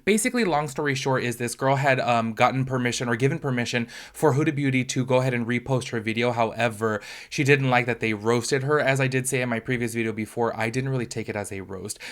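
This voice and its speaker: A man's voice: medium pitch, a bit bright. A man hosting a casual commentary video, sounding nasally and congested, rambling and gossipy with lots of fillers. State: congested from allergies. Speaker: YouTube commentary host.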